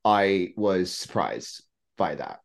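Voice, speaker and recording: A man's voice: low-pitched, animated, slow pace, gravelly. A man co-hosting a podcast in casual chat, rambling a little and laughing often. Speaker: podcast co-host.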